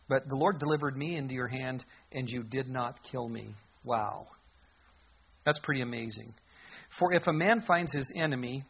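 A man's voice: medium pitch, slightly rough, highs cut off. A man preaching as a pastor, reading Bible verses aloud and explaining them in an emphatic, conversational way. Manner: reads scripture aloud then comments conversationally, emphatic. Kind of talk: expository Bible teaching.

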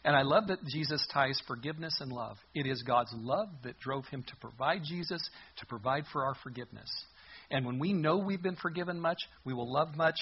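A man preaching a sermon as a pastor, expressive and full of rhetorical questions, on a muffled lo-fi recording. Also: mid-range voice, a little fast, a little hiss or hum.

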